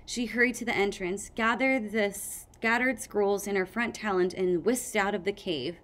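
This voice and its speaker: A woman narrating a novel aloud as an audiobook reader, with steady storytelling. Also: medium pitch, a little slow, few pauses.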